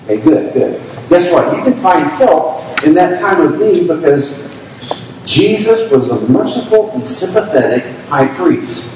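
A man's voice: fairly high pitch, animated, darkish tone, a little hiss or hum. Male preacher in an echoey hall. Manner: storytelling, asks the congregation to raise hands; slows down to read scripture aloud. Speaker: pastor. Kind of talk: sermon. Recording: distant, echoey hall, dull sound.

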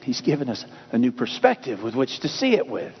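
A man's voice: medium pitch, huge pitch swings, brisk. A man preaching a sermon, emphatic and repetitive, shifting the stress from word to word. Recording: dull lo-fi sound with faint hum.

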